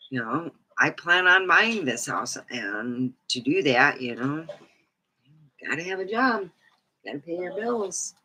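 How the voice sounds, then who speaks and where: Woman rambling on a live stream, slow talker, bouncy pitch all over. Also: bright, forceful tone, breathy edge, poor audio. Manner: rambling, chatty, with many fillers. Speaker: vlogger. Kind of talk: casual live-stream chat.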